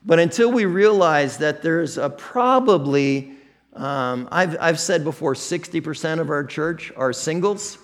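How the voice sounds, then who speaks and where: A man's voice: fairly high pitch, lively intonation, a little slow. A man with an American Midwestern accent, a pastor delivering a conversational sermon with frequent restarts and candid asides. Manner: conversational, self-deprecating, with many restarts.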